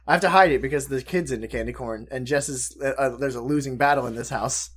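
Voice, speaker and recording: A man's voice: medium pitch, fast talker, fairly bright tone. A man co-hosting a podcast, chatting casually with friends. He talks in a crude, laid-back way, full of jokes and swearing. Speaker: podcast co-host. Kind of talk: casual chat.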